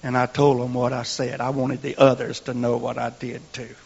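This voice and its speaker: A man preaching a sermon in folksy storytelling, dropping to hushed whispers and rising to shouts. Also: mid-range voice, monotone, normal speed, creaky, slightly rough. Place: church. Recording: echoey lo-fi church recording.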